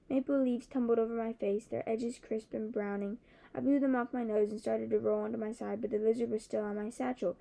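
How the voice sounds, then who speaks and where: Higher-voiced woman reading a novel aloud. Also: a little fast, creaky. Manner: steady, even storytelling. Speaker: audiobook narrator. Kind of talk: first-person fantasy novel narration.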